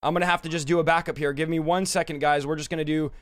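A man hosting a live stream, talking in a hurried, casual way while he sorts out audio problems. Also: fairly high pitch, fairly even intonation.

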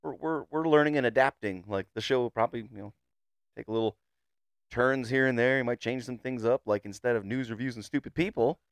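A man co-hosting a podcast in a casual way, animated and laughing a lot, often stumbling over his words. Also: medium pitch, a little fast, clear, resonant tone, no echo. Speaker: podcast co-host. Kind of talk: casual chat.

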